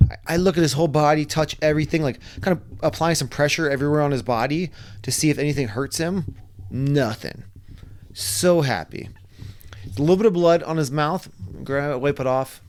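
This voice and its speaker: A man's voice: a little high, brisk, darkish tone. A man casually telling a long story, rambling, repeating words and acting out the quotes.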